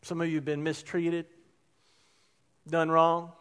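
A man's voice: fairly high pitch, monotone, takes it slowly, fairly bright tone, clear, resonant tone. A male pastor preaching a sermon in a conversational, emphatic way, weaving in personal stories.

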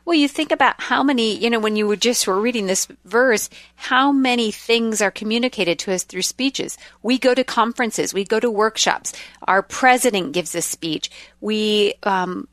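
A woman's voice: medium pitch, normal speed, hardly any pauses, a bit bright, dry recording. A woman co-hosting a faith-based marriage talk show, reflecting on scripture and reading lists steadily. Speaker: radio show co-host.

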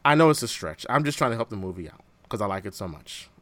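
A man hosting a podcast in casual chat, animated and jokey. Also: on the low side, fast, no echo. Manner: animated, jokey, quotes lines from films. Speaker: podcast host.

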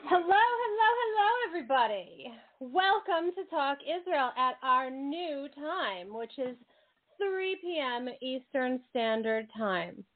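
A woman hosting an interview show, bubbly and quick to laugh, talking eagerly with her guest. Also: sits high, lively intonation. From United States. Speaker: host. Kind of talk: casual interview chat. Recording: tinny phone-like sound.

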